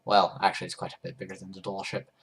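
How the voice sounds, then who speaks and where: Husky man, rambling goofy storyteller, narrating while doodling; loose, chatty, self-interrupting. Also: low-pitched, flat delivery, quick pace. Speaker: storyteller and drawer.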